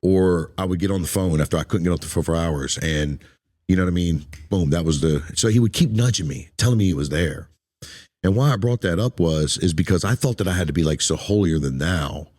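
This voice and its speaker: A man hosting an interview, speaking emotionally and haltingly about his past, often repeating words. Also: deep voice, darkish tone. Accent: Eastern Shore American. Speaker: podcast host.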